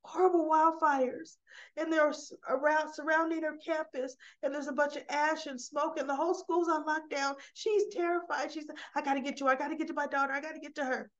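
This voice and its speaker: A woman voicing a frantic, worried mother who pleads in a high, urgent voice, with dull lo-fi sound. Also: fairly even intonation, fairly quick, close to an everyday voice.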